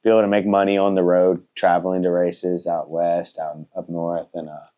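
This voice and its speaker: A thirty-year-old man with a very low voice talks easily in an interview. He is polite and laid-back, filling his answers with "um" and "uh" and letting sentences trail off. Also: moderate pace. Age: 30s. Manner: relaxed, polite, lots of fillers and trailing off. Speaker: motorcycle racer and content creator.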